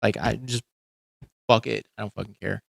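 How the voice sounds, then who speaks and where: A man's voice: on the low side, steady tone, normal speed, creaky, a bit bright, slightly rough, no echo. Guy ranting on his stream, swears a lot, trips over his words, dry sound. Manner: ranting, heavy swearing, frequent restarts. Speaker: livestream host. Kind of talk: casual profane commentary.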